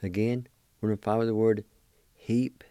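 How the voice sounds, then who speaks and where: A man teaching a language lesson, spelling and pronouncing words slowly, syllable by syllable. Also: on the low side, little pitch movement, warm tone, clean tone, dry recording. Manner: slow, deliberate, syllable by syllable. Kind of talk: slow spelling and pronunciation lesson.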